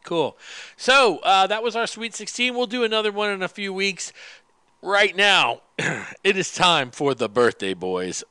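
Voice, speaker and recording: Bright-voiced man hosting a casual chat. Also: high-pitched, expressive, unhurried, clear, resonant tone, dry recording. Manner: laughs often, reads listener letters. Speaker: podcast host.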